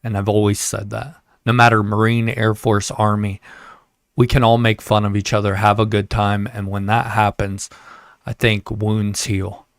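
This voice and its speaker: A man's voice: on the low side, flat delivery, normal speed, smooth, no room sound, studio quality. A man hosting a veterans interview podcast, speaking thoughtfully and sometimes stumbling over words. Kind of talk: reflective podcast conversation.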